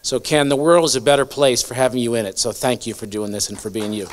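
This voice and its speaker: A man's voice: mid-range voice, steady tone, fast talker, very noisy. A man giving earnest, grateful closing remarks at a luncheon in a banquet hall. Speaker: event host.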